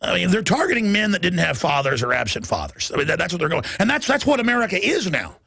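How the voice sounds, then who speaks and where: A male radio talk show host delivering a combative, mocking monologue with a raspy, gravelly voice. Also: high voice, huge pitch swings, fast, sharp tone.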